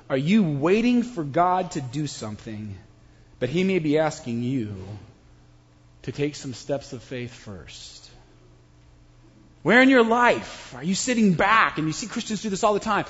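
A male pastor delivers a sermon, swinging between forceful emphasis and hushed near-whispers. His voice sits high and husky and swoops widely in pitch. The sound is muffled and rings with a long hall reverb. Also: expressive, normal speed. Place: church sanctuary.

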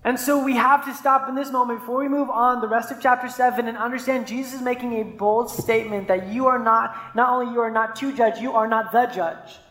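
A man's voice: very high-pitched, fairly even intonation, brisk, hardly any pauses, a bit bright. Man preaching in an echoey hall. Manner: conversational preaching with stories, frequent "right?". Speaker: pastor. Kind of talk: sermon.

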